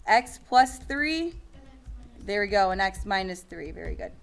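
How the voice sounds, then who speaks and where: A woman's voice: mid-range voice, very animated, measured pace, soft background music. A woman teaching a math lesson to a class in a patient, encouraging and casual way.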